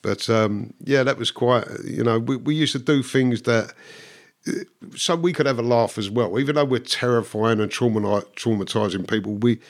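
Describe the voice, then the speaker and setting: A man's voice: mid-range voice, moderate pace. An older man, telling his story as a podcast guest in a blunt, swearing, vivid way. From London. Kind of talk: storytelling interview.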